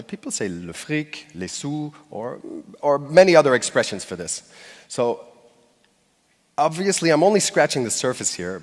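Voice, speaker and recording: A man giving a conversational talk on stage, speaking directly to a live audience. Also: mid-range voice. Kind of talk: conference talk. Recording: long hall reverb.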